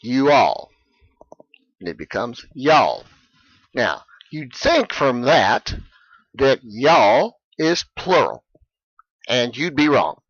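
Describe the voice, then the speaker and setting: A male English teacher who talks slowly and deliberately, leaning on key words so learners can follow. His pitch swings freely up and down as he explains. The sound is dry and a little dull, like a lo-fi recording. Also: big pitch swings, fairly bright tone, dry recording. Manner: slow, clear, emphatic delivery for learners. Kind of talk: scripted explainer lesson.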